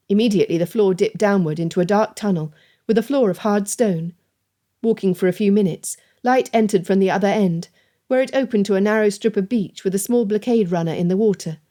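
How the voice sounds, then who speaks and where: A woman reading a romance novel aloud as audiobook narrator, in a steady, measured way. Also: medium pitch. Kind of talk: scripted narration.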